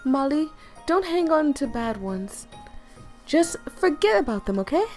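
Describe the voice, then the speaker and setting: A woman's voice: high-pitched, sing-song, measured pace, a little mellow, soft background music, voice pushed up. A woman voicing a cheerful, evasive older female shopkeeper in a put-on Jamaican British accent. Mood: flustered.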